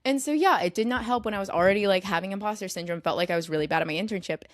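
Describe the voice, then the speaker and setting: A woman's voice: medium pitch, rapid-fire, no room sound, clean studio sound. A young woman in her twenties telling work stories on a solo podcast, chatty and dramatic, filled with "like". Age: 20s. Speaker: podcast host.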